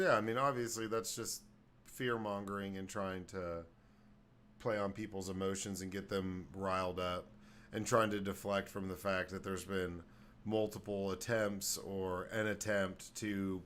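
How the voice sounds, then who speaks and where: A man's voice: low voice, steady tone, normal speed, fairly bright tone, slight background noise. A man co-hosting a casual podcast, blunt and sarcastic, swearing freely. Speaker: podcast co-host.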